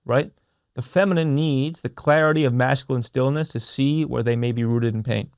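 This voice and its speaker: A young man hosting a solo podcast, speaking earnestly with slow, emphatic, repetitive phrasing. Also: mid-range voice, darkish tone, clear, resonant tone, dry recording, clean studio sound. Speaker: podcast host. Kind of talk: reflective solo podcast talk.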